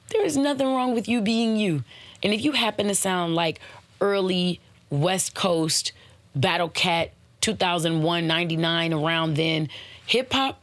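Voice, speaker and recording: Woman podcast host, casual motivational talk, lowish voice, dead dry room. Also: dry recording. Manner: animated, drops into playful voices for examples.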